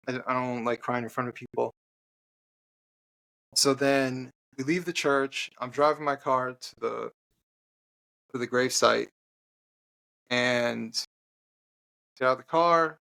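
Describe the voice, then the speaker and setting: A man, a podcast guest and author, telling an earnest personal story in conversation, halting with restarts and fillers. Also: mid-range voice, fairly even intonation, vocal fry, sharp tone.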